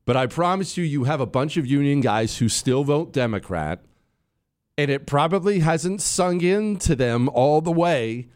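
A man's voice: a little high, animated, moderate pace, darkish tone. A man hosting a talk radio show, delivering an opinionated monologue in a conversational way, with asides to his studio crew.

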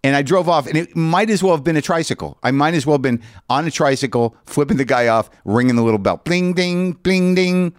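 A man's voice: medium pitch, fast talker, hardly any pauses, no room sound. Older guy ranting through a stand-up bit, plays both sides of the argument, dry mic. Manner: ranting, self-mocking, acts out both sides of dialogue. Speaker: comedian. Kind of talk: stand-up storytelling.

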